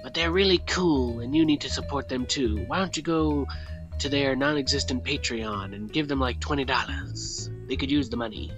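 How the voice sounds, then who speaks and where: A man playing a preachy fire-and-brimstone church pastor who pitches a subscription service, with music playing behind. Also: normal speed, close to an everyday voice, rough recording.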